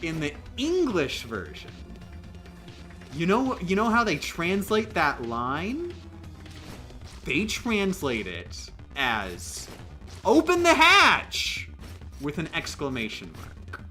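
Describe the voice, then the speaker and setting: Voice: medium pitch, huge pitch swings, takes it slowly, a bit bright, soft background music. A livestreamer chatting casually during a game stream, rambling with lots of fillers and emphatic restarts.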